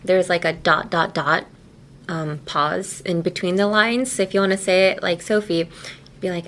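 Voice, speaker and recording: A woman's voice: on the low side, unhurried. Brief: woman host, chatty and giggly English-pronunciation teacher, studio mic. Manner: chatty and giggly, many "like" fillers. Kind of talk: casual teaching chat. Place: radio station studio.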